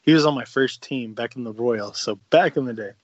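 A man's voice: medium pitch, a little fast, dull audio, crowd noise. A young man, a podcast co-host, telling a long, laid-back, profane story in casual chat and acting out the lines he quotes.

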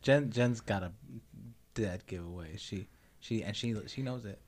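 A man's voice: fairly low pitch, a little slow, a little mellow. Man co-host, casual chat, rambling anecdotes with acted-out quotes. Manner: rambling storyteller, acts out quoted lines. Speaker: podcast co-host.

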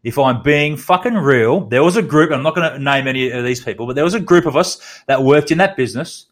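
A man's voice: mid-range voice, fairly quick. A man in his thirties with an Australian accent, hosting a podcast and telling a candid personal story, swearing and restarting his sentences. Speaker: podcast host.

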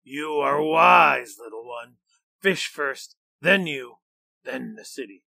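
A man putting on a slow gloating horned monster. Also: fairly high pitch, creaky, bright, forceful tone, dry recording, full character voice. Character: hungry boastful male monster with horns.

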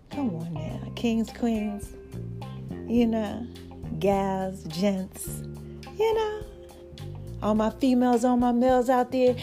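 High-voiced woman telling a story. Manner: animated, emphatic, talks straight to the audience. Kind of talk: casual storytelling to camera.

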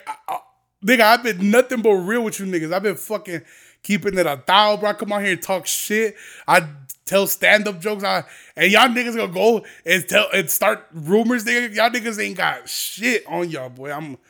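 Young dude ranting on his podcast, high voice, cussing, goes from mumbling to yelling. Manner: profane, heated, swings between mutters and shouts. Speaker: podcast host.

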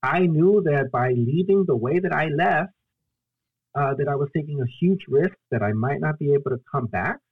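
Young man from Guatemala, earnest storyteller, halting delivery, husky, dry tinny phone-line sound. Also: a little high, expressive, dry recording. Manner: earnest, halting, acts out his own past pleas and quotes. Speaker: storyteller and solo performer guest. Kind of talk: emotional personal storytelling in a podcast interview.

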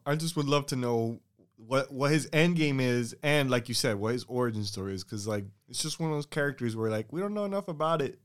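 Animated, profane male podcast co-host. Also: medium pitch, fairly quick, clean tone. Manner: loose, profane, animated and joking. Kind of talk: casual chat.

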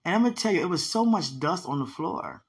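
A woman's voice: lowish voice, expressive, fast. A woman preaching in an emphatic, conversational way, teaching from a dream with repeated phrases. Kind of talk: sermon-style teaching about a dream.

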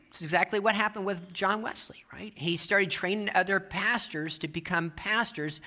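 Bright-voiced preacher telling stories from the pulpit, speeds up then slows way down, lots of restarts. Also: medium pitch. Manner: animated, shifting pace, rising to emphatic peaks; repeats phrases and restarts as he builds. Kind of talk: sermon with storytelling. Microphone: presenting with slides.

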